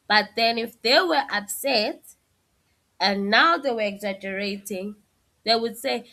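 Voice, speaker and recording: A woman teaches a relaxed language lesson. She speaks slowly and patiently, translating every example sentence she gives. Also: medium pitch. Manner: explains patiently, switching between Zulu and English with translations.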